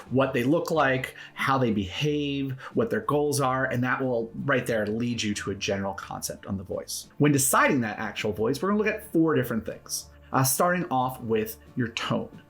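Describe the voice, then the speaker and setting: A man hosting a tabletop roleplaying tips video, talking to camera in an upbeat, encouraging, conversational way. His voice sits at an ordinary middle pitch. Quiet music plays behind him. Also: normal speed. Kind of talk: casual instructional talk to camera.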